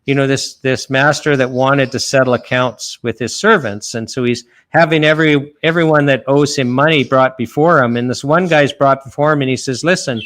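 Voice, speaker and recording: A man's voice: medium pitch, fairly even intonation, normal speed, few pauses, a bit bright. A man from Canada, a lawyer guest on a talk show, earnestly retelling a parable in casual speech full of restarts and fillers. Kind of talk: conversational podcast talk.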